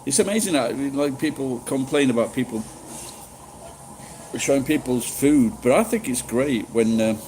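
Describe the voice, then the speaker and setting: A middle-aged man living in Japan chats casually with live-stream viewers, rambling and swearing freely. His medium-pitched voice is animated and a little mellow at normal speed, on a low-quality recording with slight background noise.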